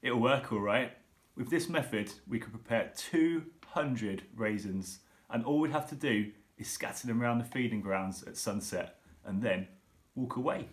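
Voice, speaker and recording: A doting, enthusiastic father from a storybook, warmly affectionate and swept along by his own scheme, as read by a man. He talks to his son with fond, eager assurance. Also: medium pitch, animated, moderate pace, lightly acted. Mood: dreamy. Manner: affectionate, carried away by his plan.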